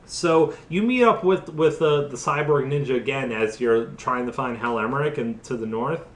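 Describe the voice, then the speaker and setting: A man's voice: mid-range voice, normal speed, a bit bright, reverberant. Tipsy rambling young man recapping a game. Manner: rambling, lots of filler and restarts. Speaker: host. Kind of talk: casual comedic game recap.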